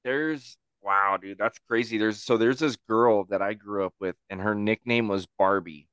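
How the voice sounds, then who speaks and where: A man's voice: lowish voice, moderate pace, a bit bright, clear, resonant tone, dry recording, studio quality. A man in casual podcast chat, slangy and profane, saying dude and bro constantly. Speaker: podcast guest.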